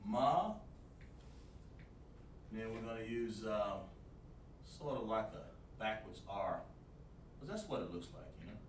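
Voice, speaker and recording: A man's voice: on the low side, big pitch swings, measured pace, pauses often. A man teaching a live-streamed language lesson, repeating himself and asking the chat for feedback. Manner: repetitive, coaching, asks the chat for feedback. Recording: echoey room, distant mic, faint noise.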